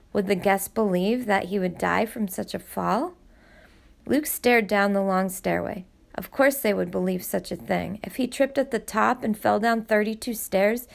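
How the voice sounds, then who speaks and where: Woman, audiobook narrator, expressive storytelling, gravelly vocal fry, mid-range pitch.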